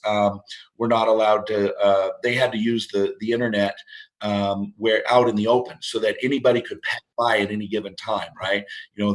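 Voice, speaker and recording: A man's voice: lowish voice, poor audio. A man in his fifties, a guest on a parenting show, talking casually and rambling with many fillers and restarts. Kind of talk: casual interview talk.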